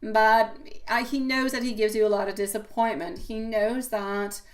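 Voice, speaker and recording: A woman hosting a live tarot stream, chatting casually with viewers and calling them sweetie and my love, swinging from loud exclamations to soft asides. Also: on the high side, fairly even intonation, moderate pace.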